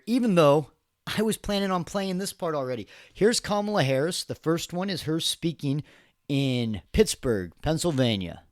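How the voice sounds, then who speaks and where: A man's voice: fairly high pitch, no room sound, studio quality. A man in his thirties hosting a podcast, giving rambling, sarcastic political commentary with laughs and restarts. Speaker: podcast host.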